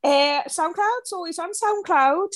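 A young woman from the North East of England with a broad Geordie accent talks in a high, bright register. She rambles eagerly through casual podcast chat, packed with local slang. The sound is close and dry, with no room around it. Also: measured pace, dry recording. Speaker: guest.

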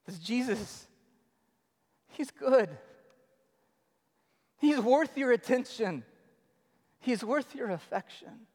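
A man in his thirties preaching a sermon as pastor, animated, swinging between loud emphasis and quiet asides. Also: extremely high pitch, takes it slowly, pauses often. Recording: long hall reverb.

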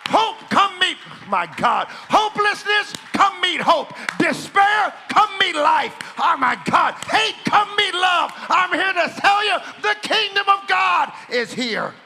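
Man preaching a high, shouted sermon. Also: big pitch swings, slow pace, creaky, hardly any pauses, a little hiss or hum. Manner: calls out, repeats phrases, drops to casual aside. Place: church service with band.

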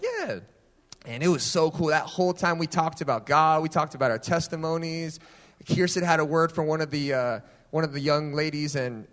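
A young adult man preaching a sermon, telling personal stories in a casual, animated way. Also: on the high side. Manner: animated storytelling, casual phrasing. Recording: long hall reverb.

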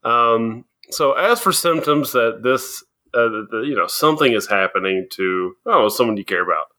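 A man's voice: mid-range voice, lively intonation, moderate pace, bright, forceful tone. A man co-hosting a casual podcast chat, explaining things and often laughing as he goes. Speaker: podcast co-host.

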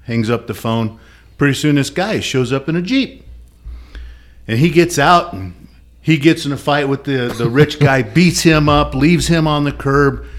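A man's voice: fairly high pitch, unhurried. A man telling a long joke in a casual group chat, acting out the characters' lines as he goes. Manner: storyteller, acts out the characters.

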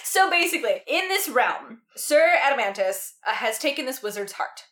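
A woman's voice: fairly high pitch, moderate pace. A young woman co-hosting a podcast, chatting casually and laughing often as she explains a book. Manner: giggly, animated, laughs often. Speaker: podcast co-host reading a novel aloud. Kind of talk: casual chat.

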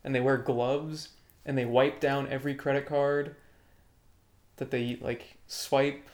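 A man's voice: medium pitch, level tone, slow pace. A young man in casual chat, laid-back and joking with profane banter.

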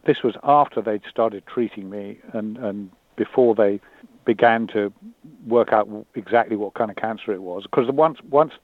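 A man talking candidly and thoughtfully, often pausing and repeating words as he searches for them. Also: lowish voice, no echo. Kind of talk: candid conversation. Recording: dry tinny phone-like line.

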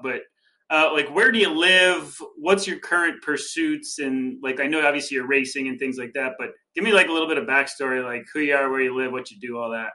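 A man's voice: medium pitch, sharp tone. A man co-hosting a running podcast, joking and teasing in casual chat. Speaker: podcast co-host.

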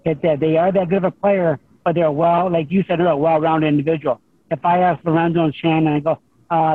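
High-voiced coach on a tinny phone line. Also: male voice, fairly even intonation, moderate pace, no room sound. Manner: rambling and humble, many restarts. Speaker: high school golf coach. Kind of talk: phone interview guest.

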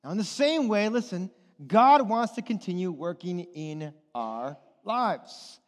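A middle-aged male pastor preaching a sermon, animated and firing rhetorical questions at the congregation. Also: sits high, a little slow. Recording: long reverb of a large hall.

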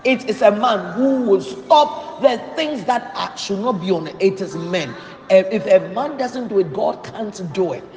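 A man's voice: high-pitched, animated, a little slow, a little mellow. A man preaching a sermon in a church hall, emphatic and repeating key phrases for stress. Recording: echoey hall with long reverb.

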